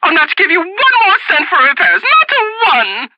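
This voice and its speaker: A woman's voice: very high voice, sing-song, moderate pace, full character voice. An actress voicing a pompous, fussy older society chairwoman in a video game, haughty and theatrical with old-fashioned phrasing. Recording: dull lo-fi game audio. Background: faint game music.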